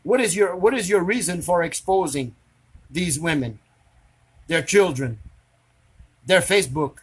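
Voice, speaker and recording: Unhurried but angry, this high, husky-voiced commentator lectures his online audience about social media drama. His monologue is preachy and confrontational, returning again and again to the same rhetorical questions.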